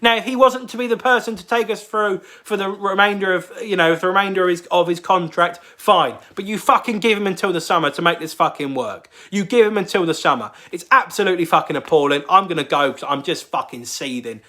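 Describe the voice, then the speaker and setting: A man's voice: high-pitched, a little fast, few pauses, sharp tone. A young man giving an angry, swear-heavy football fan rant straight to camera.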